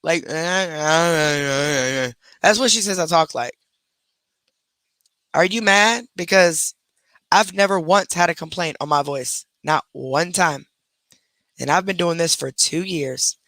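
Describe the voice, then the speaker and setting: A woman's voice: fairly low pitch, measured pace, fairly bright tone, no room sound. A woman hosting a livestream, reacting defensively and with sass to a critic. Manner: defensive, sassy, chatty. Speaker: livestream host.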